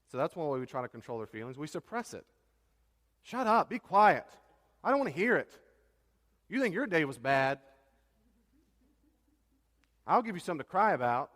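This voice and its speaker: Emphatic male pastor in reverberant hall. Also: medium pitch. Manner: emphatic, acts out quoted spouses in raised voice. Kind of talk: sermon.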